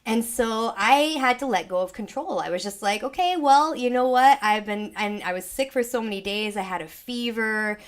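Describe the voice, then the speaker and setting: A woman's voice: medium pitch, moderate pace, hardly any pauses. A young woman hosting a live sound healing session from her home studio, chatting casually and rambling as she acts out her own past thoughts while still recovering from an illness. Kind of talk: casual chat to a live audience.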